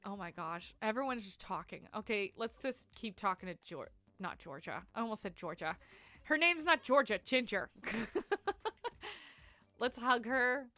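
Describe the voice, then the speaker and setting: Casual woman streamer, bright tense tone, dry close sound, rambly and giggly, lots of "like". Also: mid-range voice, animated, a little slow, no room sound. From Canada. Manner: chatty, rambling, full of "like" fillers, laughs often. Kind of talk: casual gameplay commentary, chatting with viewers.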